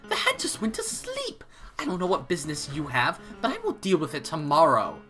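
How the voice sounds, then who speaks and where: A man voicing a stern, cold woman who scolds in a hushed voice. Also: a little high, huge pitch swings, fairly quick, soft background music, pitched above the performer's own voice.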